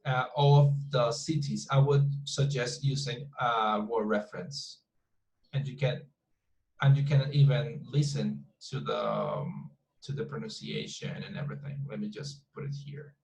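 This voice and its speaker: A man's voice: mid-range voice, very animated, a little slow, gravelly, darkish tone, reverberant, low-quality recording. A male teacher, explaining syllables in an online class, often repeating words and restarting his sentences. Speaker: English teacher.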